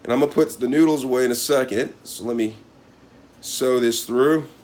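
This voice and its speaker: A man's voice: mid-range voice, normal speed, darkish tone. A man hosting a casual cooking demonstration, talking to viewers as he works in a mock-serious way and repeating a catchphrase. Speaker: cooking channel host.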